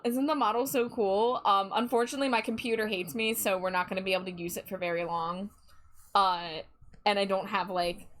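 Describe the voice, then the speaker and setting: A woman's voice: mid-range voice, fairly bright tone. A young woman with a Midwestern accent, chatting casually and playfully with her live chat as a streamer, laughing often. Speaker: livestreamer.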